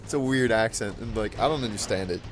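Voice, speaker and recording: A man's voice: lowish voice, fast, soft background music. A teenage boy ranting casually over gameplay, rambling with lots of fillers and restarts in a puzzled tone. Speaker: gaming channel host.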